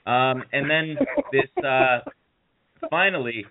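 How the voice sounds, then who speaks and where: A man's voice: medium pitch, slow, noisy background. Rambling man telling a story, tinny audio. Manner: rambling, profane anecdotes with acted-out quotes. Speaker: podcast co-host. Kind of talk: casual storytelling chat.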